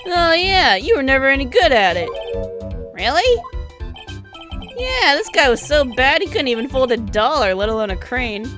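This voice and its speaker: A high, squeaky young man voiced by a woman who wails and whines over every heartbreak. His pitch swings all over, bright and lively, with faint music behind him. He plays every line as a melodrama. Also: moderate pace. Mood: teasing. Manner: wailing, overdramatic. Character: whiny lovesick young man, dramatic.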